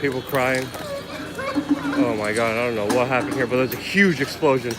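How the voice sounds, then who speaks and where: A man's voice: mid-range voice, fairly even intonation, moderate pace, over loud music. A man reporting live on the scene as an independent reporter, shaken and exclaiming over and over while filming with a handheld camera outdoors. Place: outdoors on a city street. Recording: loud street noise outdoors.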